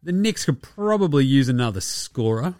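A man's voice: medium pitch, very animated, normal speed, a little mellow, no room sound, faint music behind. A young Australian man hosting a casual basketball podcast, sarcastic and profane, often putting on mocking voices for the people he talks about. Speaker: podcast host. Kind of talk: casual sports commentary.

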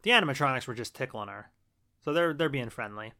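A man co-hosting a casual podcast walks through a film's plot. His voice is bright and forceful. He swears freely and tells it in an animated way. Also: mid-range voice, quick pace. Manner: profane, animated storytelling. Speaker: podcast co-host. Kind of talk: casual conversation recapping a film.

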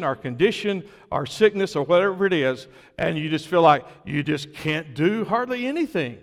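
A man's voice: a little high, expressive, normal speed, long reverb tail. A man preaching a sermon in an earnest way, building to emphatic peaks, recovering from illness. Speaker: pastor.

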